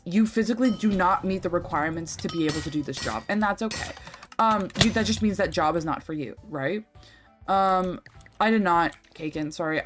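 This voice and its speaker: A young woman streaming a game, rambling and chatty, swearing freely as she talks. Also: lowish voice. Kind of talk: casual livestream chat while gaming.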